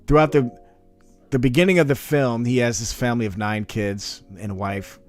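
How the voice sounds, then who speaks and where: A man's voice: mid-range voice, steady tone, moderate pace, darkish tone, soft background music. A man hosting a casual podcast, rambling with many repeated words and laughing often. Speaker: podcast host. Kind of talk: casual chat.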